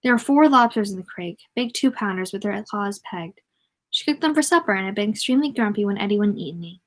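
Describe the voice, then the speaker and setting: A woman's voice: medium pitch, animated, quick pace. A woman reading a novel aloud in a casual way, often stumbling, correcting herself and adding joking asides.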